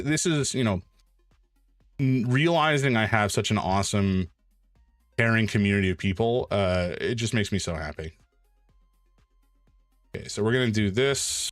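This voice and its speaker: A man streaming live, chatting casually while he draws, rambling and self-mocking with sudden loud exclamations. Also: lowish voice, expressive, normal speed, pauses often, dry recording, clean studio sound, faint music behind.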